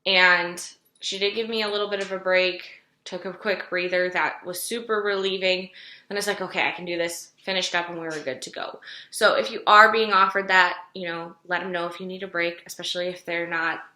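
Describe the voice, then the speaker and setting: A young woman late in her pregnancy tells her story in a casual, rambling vlog, leaning on "like" as she talks. Her voice sits a little low but sounds bright and forward. The room around her gives a noticeable echo. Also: fairly even intonation, brisk. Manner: chatty, lots of "like" fillers. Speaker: vlogger. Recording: echoey room.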